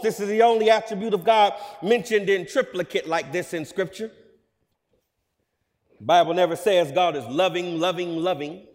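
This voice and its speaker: This is a sermon from an emphatic, high-pitched male preacher talking at normal speed, climbing into loud, resonant declarations. Everything echoes and trails off in a spacious hall.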